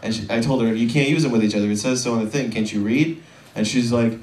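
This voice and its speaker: A man in his twenties doing a stand-up set, rambling and self-deprecating, often halting with fillers. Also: mid-range voice, darkish tone, roomy sound, far from the mic. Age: 20s. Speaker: stand-up comedian.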